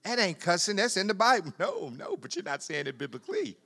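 A man preaching a sermon in a conversational way, repeating words, laughing often, and swinging from quiet asides to loud emphatic bursts. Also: high voice, wildly swooping pitch, a little fast, vocal fry.

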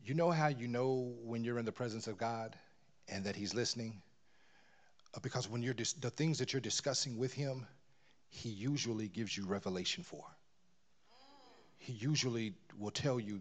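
A man preaching a sermon, dropping to near-whispers and then rising to loud emphatic bursts, often repeating words as he builds. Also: medium pitch, moderate pace, pauses often.

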